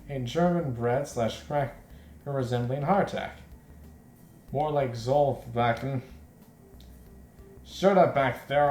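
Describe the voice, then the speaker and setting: Man doing a harsh drill instructor, loud barked insults, raised pitch, echoey room, faint noise. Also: close to an everyday voice. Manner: barking, insulting orders.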